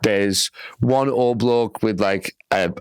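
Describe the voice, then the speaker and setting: A man's voice: fairly low pitch, slow, smooth, no room sound, low-quality recording. A young man, telling a rambling comedy story full of fillers and swearing on a podcast. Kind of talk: casual storytelling.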